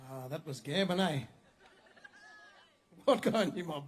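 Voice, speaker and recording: Very high-voiced MC man. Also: very animated, unhurried, long pauses, husky. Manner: loud, teasing, call-and-response. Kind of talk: hyping a live crowd. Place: outdoor festival stage.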